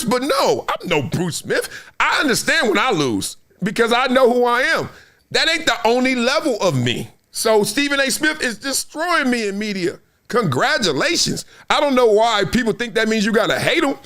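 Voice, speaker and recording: A middle-aged former football player hosts his own sports talk show, arguing his points emphatically and conversationally. His voice sits high for a man and jumps around with lively swings in pitch. He keeps checking in with the listener and stacks repeated "no"s for effect. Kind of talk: animated solo commentary.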